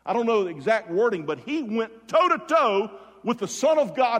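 A man preaching a sermon as pastor, swinging between loud emphasis and hushed softness and repeating words for effect. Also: high-pitched, very animated, fairly quick, few pauses. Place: church sanctuary. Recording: long reverb of a large hall.

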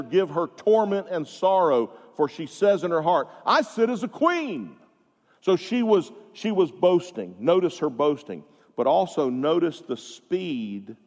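A man preaches in a fairly high voice, stressing his points with emphatic rises and drawn-out words. His sermon rings with the long reverb of a large sanctuary. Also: a little mellow. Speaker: pastor.

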